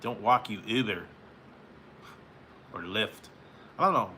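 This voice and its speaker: A man's voice: on the low side, lively intonation, takes it slowly, sharp tone, a little hiss or hum. A man hosting a live stream, chatting casually with viewers in a rambling way and chuckling often between remarks. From California. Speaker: live-stream host reading chat.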